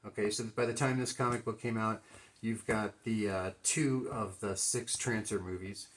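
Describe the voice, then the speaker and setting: A man's voice: on the low side, fairly even intonation, moderate pace. A man with a Midwestern accent, casually rambling through a comic book haul as a collector, thinking aloud with plenty of fillers. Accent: American Midwest. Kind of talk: casual unscripted video commentary.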